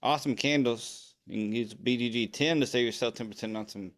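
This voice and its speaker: A man's voice: medium pitch, a little fast. A man hosting a casual live-stream chat in an easygoing way, plugging sponsor codes. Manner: easygoing, reads out discount codes. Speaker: host.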